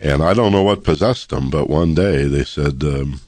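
Middle-aged male interviewer, very deep, warm conversational host. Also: moderate pace, no room sound. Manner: admiring, conversational. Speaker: radio host. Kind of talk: radio interview. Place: radio studio.

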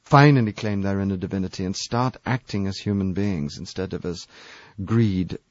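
A man's voice: low-pitched, moderate pace, a little mellow, dry recording. Man, radio guest, earnest and emphatic, dry muffled studio sound. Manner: earnest, emphatic, repeats phrases for stress. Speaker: guest speaker on spirituality. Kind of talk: impassioned spiritual talk.

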